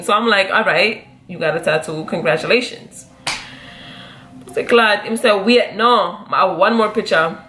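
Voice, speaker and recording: Young woman from new ranting through a story, swears a lot, voice jumps up when she quotes herself. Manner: animated, profane, quick to rise in pitch when quoting. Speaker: vlogger. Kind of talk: casual storytelling.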